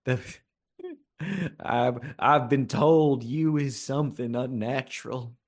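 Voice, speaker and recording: Guy voicing a sweaty scared drunk gunman, voice all high and cracking, tabletop game. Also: slow. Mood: panicked.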